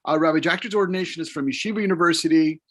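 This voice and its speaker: A man with a somewhat high voice introduces a guest author and poses long questions. He rambles a bit and leans on fillers between his thoughts. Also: very fast, fairly bright tone. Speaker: interviewer and professor. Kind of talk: hosting an author interview.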